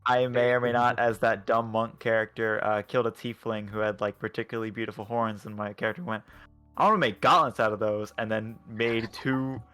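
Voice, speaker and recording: A man's voice: lowish voice, flat delivery, a little fast, few pauses, a bit bright, smooth, dry recording, faint music behind. A man chatting casually as a player, laid-back and wry about his character. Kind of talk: casual chat about a tabletop game.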